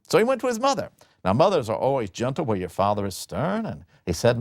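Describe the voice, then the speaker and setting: Animated male storytelling lecturer. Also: mid-range voice, quick pace, no echo, clean studio sound.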